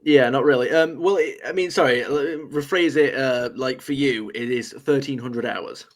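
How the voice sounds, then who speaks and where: A man from England in a casual group chat, quick and self-correcting. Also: mid-range voice.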